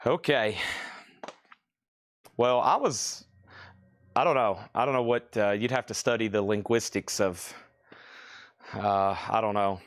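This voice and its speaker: A man with a Southern Tennessee accent hosting a live-stream record sale, calling out prices briskly with joking asides. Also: on the low side, no room sound, clean studio sound.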